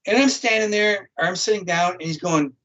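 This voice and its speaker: A man's voice: sits high, fairly quick, fairly bright tone, slight background noise. A man, a guest on a talk show, telling a story in a blunt, profane, casual way. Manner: blunt and profane, vivid retelling. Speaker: guest, psychic criminal profiler. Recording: dull lo-fi stream audio.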